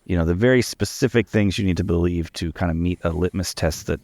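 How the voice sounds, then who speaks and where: A man with a deep voice and a gravelly edge speaks in a casual podcast conversation. He tells anecdotes with lively energy, and the recording sounds dry and close. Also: fast talker, no echo. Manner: animated anecdotal storytelling. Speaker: podcast co-host. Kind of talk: casual discussion.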